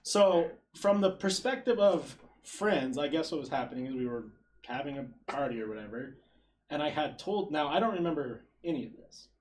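Man telling a rambling story, slightly high voice. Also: animated, moderate pace, slight background noise. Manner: rambling, self-deprecating, laughs through his story. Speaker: podcast co-host. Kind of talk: casual storytelling among friends.

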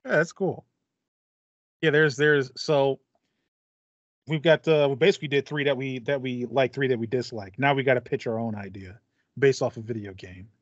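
A man's voice: mid-range voice, fairly even intonation, moderate pace, pauses often, no echo, dull audio. A man co-hosting a gaming podcast, talking casually and rambling through his ideas with restarts and fillers. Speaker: podcast co-host. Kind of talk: casual chat.

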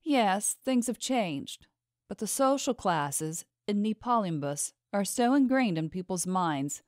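A woman voicing a cold, suspicious and manipulative mistress in an audiobook, speaking in a smooth, probing tone. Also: medium pitch, lively intonation, slow pace, no room sound, studio quality. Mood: coldly probing. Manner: smooth, probing, quietly menacing. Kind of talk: audiobook character voice.

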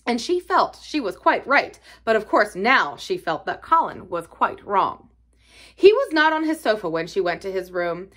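A woman reading a classic novel aloud for a library, telling it in an expressive storytelling way. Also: fairly high pitch. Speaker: library reader.

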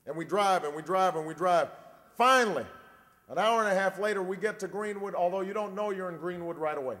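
A man in his forties giving a campaign speech, telling a dry, wry story and then building to a shouted rallying close. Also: high voice, a little fast, a little hiss or hum. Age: 40s. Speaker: presidential candidate. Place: large convention hall. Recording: long reverb of a big convention hall.

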